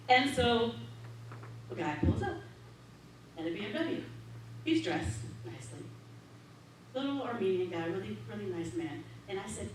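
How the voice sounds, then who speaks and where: A woman minister telling a story in her sermon, lively and laughing often as she acts out what people said. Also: mid-range voice, normal speed, long pauses. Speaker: minister giving a talk. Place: large hall of a spiritual center. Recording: echoey hall, distant mic, faint hum.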